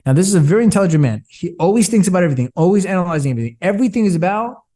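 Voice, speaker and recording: A man who works as a business coach talks rapid-fire in a high, mellow voice with lively intonation. In this candid interview he tells stories passionately and preachily, quoting himself and others.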